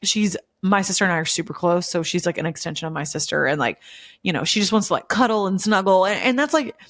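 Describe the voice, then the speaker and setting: Talking fast with lively intonation, this Memphis woman in her thirties hosts a podcast and gushes emotionally through a casual chat packed with fillers like "like" and "um." Her slightly low, somewhat bright voice is captured close and dry, without any echo or room.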